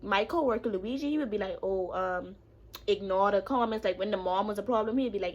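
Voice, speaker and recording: A young woman recounts a personal story in a casual vlog. She is animated and sassy, swears freely and talks back to a friend off camera. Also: mid-range voice, a little fast. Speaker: YouTuber telling a story.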